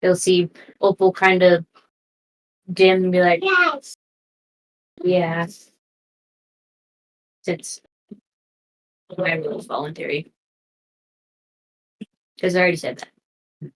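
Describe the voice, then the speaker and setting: A woman's voice: on the low side, steady tone, a little slow, long pauses, rough recording. A woman playing a tabletop game, playful and jokey with the others. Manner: playful, jokey, laughs often. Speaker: player.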